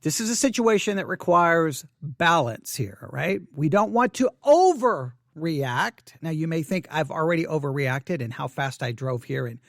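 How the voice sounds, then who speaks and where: Breathless preacher, flustered. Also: male voice, fairly high pitch, animated, moderate pace, vocal fry, few pauses, a bit bright, no room sound, studio quality. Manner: flustered, rambling restarts. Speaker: Baptist preacher commenting on news. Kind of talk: off-the-cuff news commentary. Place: church building. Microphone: desk microphone.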